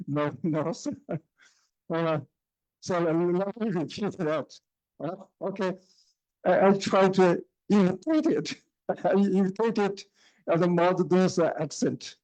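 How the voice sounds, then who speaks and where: A man's voice: high voice, darkish tone, dry recording, poor audio. A male professor from China lecturing in English, hesitant with many fillers, often checking in with the audience. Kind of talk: university lecture. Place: lecture room.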